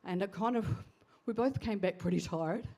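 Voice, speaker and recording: Halting, heartfelt woman in her sixties. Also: medium pitch, a little mellow. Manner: halting, heartfelt, trailing off mid-sentence. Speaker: eulogy speaker, sister of the deceased. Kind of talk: memorial eulogy. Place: church memorial service.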